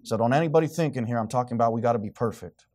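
A man preaching a sermon to his congregation, swinging from quiet, low remarks to loud, high outbursts. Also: very fast. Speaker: pastor.

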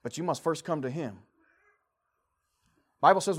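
A man in his forties preaching a fervent sermon, swinging from quiet, low passages to loud, high-pitched shouting, acting out prayers and inner voices. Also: a little slow, pauses often, slightly rough. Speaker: pastor.

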